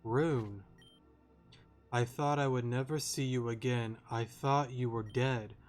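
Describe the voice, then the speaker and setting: A man's voice: mid-range voice, fairly even intonation, takes it slowly, close to an everyday voice. A man voices a shaken young man from a game. The reading stays earnest and plain. Faint game music sits underneath. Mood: emotional.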